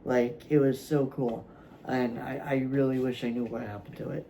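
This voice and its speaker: A man hosting his own vlog, talking casually to camera from a room at home, halting and rambling with many fillers and restarts, yawning at times. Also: medium pitch, steady tone, dark tone, a little hiss or hum, rough recording. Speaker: vlog host.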